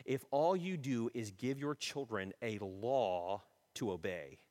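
A man preaching a sermon as pastor, swinging from emphatic rising questions to low, quiet asides. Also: animated, slow, big-room sound.

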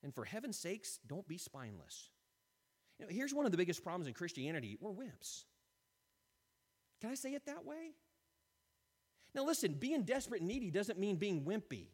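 A man preaching a sermon as pastor, impassioned and emphatic, dropping suddenly to quiet lines. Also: sits high, big pitch swings, moderate pace, pauses often, breathy edge, in a large hall.

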